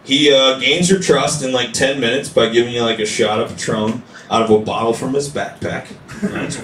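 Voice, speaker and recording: A man's voice: medium pitch, normal speed, a bit bright, slight background noise. A man in his late twenties doing a loose, rambling stand-up set with crowd work in a basement comedy room. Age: late 20s. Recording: roomy live recording from a distance.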